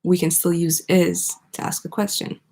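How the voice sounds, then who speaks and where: A woman teaching an online English grammar lesson, explaining step by step and pausing for student answers. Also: on the low side, level tone, darkish tone.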